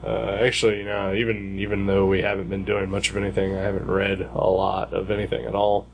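A man's voice: deep voice, completely flat delivery, a little fast, gravelly, slight background noise. A man co-hosting a casual podcast chat, rambling with many fillers and restarts. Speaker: podcast co-host.

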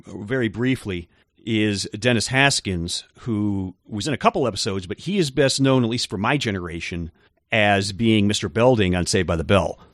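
Low-voiced man explaining in a dry room. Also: no echo. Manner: measured, explanatory, with fillers. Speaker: podcast co-host. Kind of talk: casual chat.

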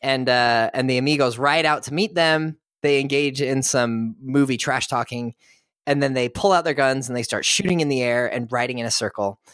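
A man's voice: mid-range voice, normal speed, a bit bright, no room sound. Male podcast co-host, laid-back film recap with frequent chuckles, dry close sound. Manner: chuckles while retelling.

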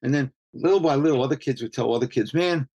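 In a dry, dull-sounding recording, a Brooklyn-born street photographer in his 70s talks quickly in a dark, husky, medium-pitched voice. Being interviewed, he tells stories casually and wanders off track, full of restarts and you-knows.

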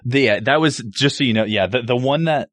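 A man playing a tabletop game who talks haltingly, restarting and circling his points. His voice sits in a middle range for a man. The sound is dry and close. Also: mid-range voice, a bit bright, dry recording. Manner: halting, rambling, with many restarts. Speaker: player. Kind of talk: casual tabletop game play.

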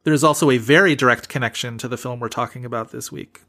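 Bright-voiced man gushing about films. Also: medium pitch, fast talker. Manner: enthusiastic, runs through film trivia in long run-on lists. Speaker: podcast co-host. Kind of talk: casual film podcast chat.

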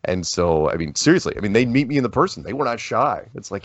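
A man as an interview guest, talking casually and telling rambling, animated stories with many restarts. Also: on the low side, quick pace, no echo. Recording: dull lo-fi dry audio.

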